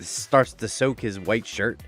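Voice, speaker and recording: A man's voice: fairly low pitch, takes it slowly, fairly bright tone, soft background music. A man narrating a tabletop game as game master, laughing often in a loose, playful way.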